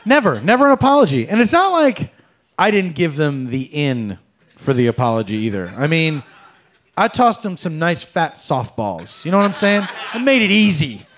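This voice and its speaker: A middle-aged man performing a stand-up comedy set on a club stage, with an animated, exaggerated, mock-polite delivery. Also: fairly high pitch, normal speed.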